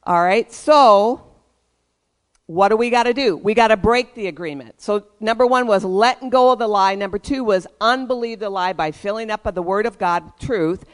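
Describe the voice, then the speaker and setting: A pastor delivers a sermon with emphatic, preaching cadences. The voice is clear and resonant, sitting in an ordinary middle pitch. The pastor calls for responses from the congregation. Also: normal speed.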